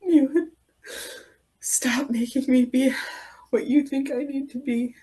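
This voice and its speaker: A woman client in a coaching session, speaking in a halting, emotional way and slipping into whispers. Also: high voice, fairly even intonation, mellow, breathy edge. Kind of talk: therapeutic affirmation exercise.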